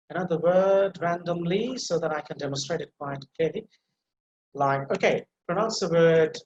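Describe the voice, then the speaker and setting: A man's voice: a little high, reverberant, a little hiss or hum. A man teaching English pronunciation in a live online class, patiently repeating words and restarting phrases as he explains, heard over a video call. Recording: slightly muffled video-call audio.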